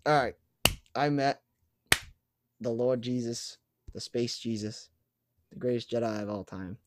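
A young man, a podcast co-host, telling an excited story in casual chat and swearing now and then. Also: medium pitch, unhurried, very noisy.

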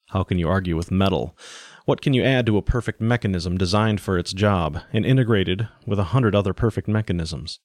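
A man narrates a story in a steady, even audiobook style. His voice is very low, and the close recording sounds dry with no room echo. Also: brisk.

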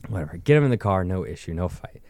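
A man's voice: low voice, expressive, quick pace, darkish tone, dry recording. A young man telling a rambling, profane story in casual chat. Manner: profane, rambling, with frequent likes.

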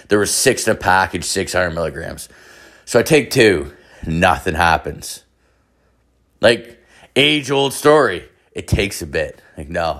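A young man with a somewhat low voice tells a meandering personal story. He swears constantly, trips over his own restarts and talks in loose, laid-back slang. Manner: profane, rambling, stoner slang, frequent restarts. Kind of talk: casual rambling anecdote.

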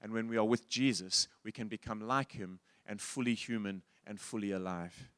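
A man preaching a sermon as a pastor, quoting writers and speaking with lively swings in pitch and loudness. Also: moderate pace, no room sound, studio quality. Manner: animated, rises high and loud when quoting.

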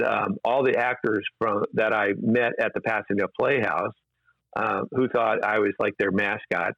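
Gravelly low-voiced man telling stories. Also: dry recording, muffled recording. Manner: rambling, with many fillers and restarts. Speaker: interview guest. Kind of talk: casual anecdotal storytelling.

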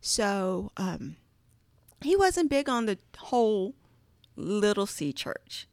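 A woman's voice: mid-range voice, sing-song, slow pace, darkish tone, no room sound. A woman telling a heartfelt family story in casual chat, earnest and sprinkling in lots of "like.". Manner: earnest, many "like" fillers. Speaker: guest sharing a personal story.

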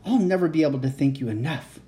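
A reader voicing a gentle, grateful young male dragon in a children's storybook, with a raised, polite and slightly fretful voice. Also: mid-range voice, animated, fast talker, close to an everyday voice. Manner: eager, polite, a little fretful. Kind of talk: children's storybook read-aloud.

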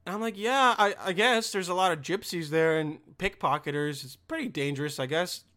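Bright-voiced young man ranting crudely. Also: fairly quick. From Bosnia. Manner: crude, exasperated ranting with sudden high-pitched outbursts. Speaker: comedian. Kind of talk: stand-up style ranting monologue.

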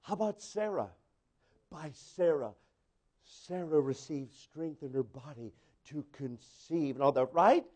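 A male pastor delivering a sermon, swinging between loud exclaiming and hushed asides as he acts out quoted voices. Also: fairly high pitch, animated, measured pace.

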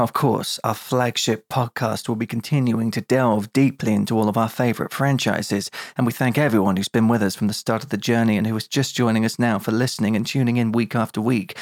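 A man hosting a podcast, talking in a jokey, quick, teasing way. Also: medium pitch, dry recording, clean studio sound. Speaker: podcast host. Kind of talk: casual chat.

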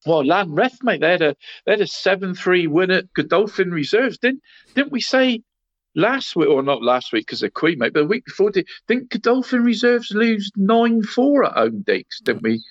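A man's voice: high-pitched, very animated, normal speed, dry recording. Chatty man reading football results. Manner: says "mate" and "Deeks" after nearly every phrase. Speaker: local football results presenter. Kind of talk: casual radio sports chat. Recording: slightly muffled, dry studio sound.

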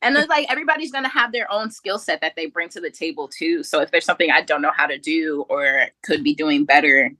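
A woman guest on a casual podcast, talking in a relaxed way, full of fillers and casual swearing. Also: sits low, quick pace, few pauses, no echo. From North Jersey.

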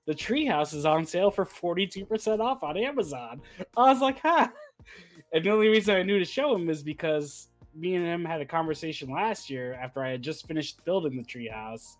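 Guy cohosting a podcast, laughs a bunch telling stories, bit of music in the back. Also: fairly high pitch. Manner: laughing, animated storytelling. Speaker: podcast co-host. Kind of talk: casual chat.

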